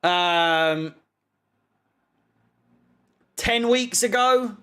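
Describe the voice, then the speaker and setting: A young man talks over a live football match, venting in a swearing, sarcastic rant. His voice sits high and he takes his time between points. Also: extremely slow, pushed and bright. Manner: frustrated, swearing, sarcastic ranting. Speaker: fan channel co-host. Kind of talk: live match watch-along commentary.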